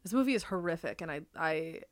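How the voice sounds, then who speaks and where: A woman's voice: low voice, animated, fast. A young woman co-hosting a podcast in casual chat, giggly and rambling, often restarting her sentences. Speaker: podcast co-host.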